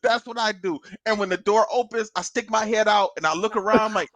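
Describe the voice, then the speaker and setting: Over background noise, a podcast co-host with a high, brisk voice tells a long story in casual chat. He swears, laughs often and acts out other people's lines as he retells events.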